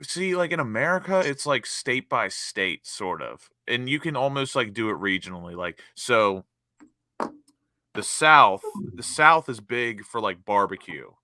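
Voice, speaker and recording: A man's voice: mid-range voice, lively intonation, unhurried, bright, forceful tone, no room sound, clean studio sound. A man in casual chat, easygoing, asking curious questions and explaining things at length.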